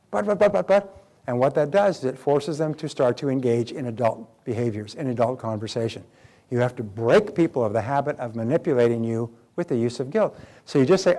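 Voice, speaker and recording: A man giving a motivational seminar talk in a direct, emphatic, animated manner. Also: medium pitch, brisk. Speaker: motivational speaker.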